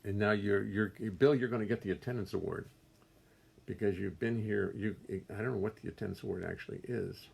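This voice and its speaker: A man's voice: on the low side, steady tone, a little fast, vocal fry, husky. An older man hosting a casual livestream from his music studio, reading out viewers' names and greeting them with wry jokes. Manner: chatty, warm greetings, wry self-deprecating jokes.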